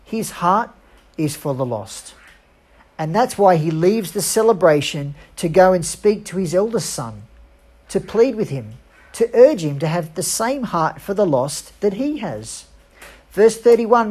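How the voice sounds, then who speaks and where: Husky-voiced woman preacher. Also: on the low side, big pitch swings, a little mellow. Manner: earnest, emphatic preaching with dramatic pauses. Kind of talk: sermon.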